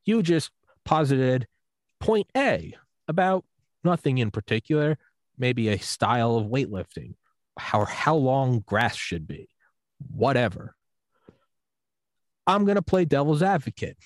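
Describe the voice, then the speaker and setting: A man in the middle of the usual pitch range talks on a podcast, casual and loose. He swears freely and jumps into acted-out quotes while he makes his point. The sound is dry and close, with no room around it. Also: unhurried, pauses often, no echo. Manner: profane, animated storytelling with acted-out quotes. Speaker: podcast host.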